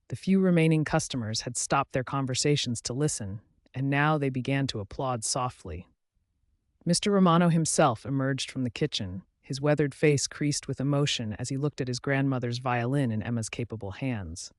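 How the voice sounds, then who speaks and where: A man narrating a scripted emotional story in a measured, dramatic manner. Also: medium pitch, lively intonation, no room sound, studio quality.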